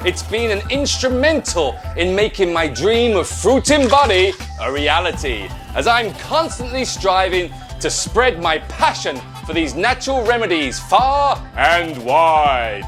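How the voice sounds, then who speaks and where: A man's voice: big pitch swings, a little slow, hardly any pauses, fairly bright tone, soft background music, exaggerated voice. A man putting on a chirpy fake-Canadian mushroom salesman. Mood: cheesy, upbeat. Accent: put-on Canadian. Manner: corny puns, sing-song sales pitch. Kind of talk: comedy sketch advert.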